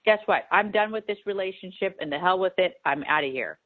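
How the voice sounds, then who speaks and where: A defiant, fed-up young boyfriend storms out of a relationship in a retold story, blunt and fast, as a woman quotes him in her own low voice. The line is thin and phone-like. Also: expressive. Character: angry fed-up boyfriend, young adult man. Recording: tinny phone-like sound.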